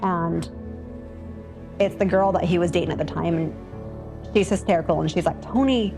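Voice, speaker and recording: A woman's voice: fairly low pitch, steady tone, normal speed, vocal fry, over music. A woman in a documentary interview, retelling events and acting out what people said. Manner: retells events with quoted dialogue.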